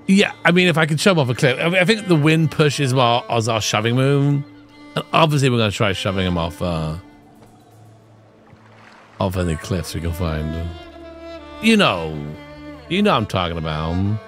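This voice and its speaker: A man's voice: medium pitch, sing-song, normal speed, pauses often, fairly bright tone, soft background music. A man streaming a game, rambling casually with lots of filler words as he picks his moves. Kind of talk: casual gameplay commentary.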